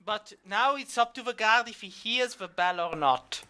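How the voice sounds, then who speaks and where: A man's voice: sits high, lively intonation, normal speed, pushed and bright. A man running a tabletop game as game master, rambling with lots of fillers. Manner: rambling, many fillers, laughs easily.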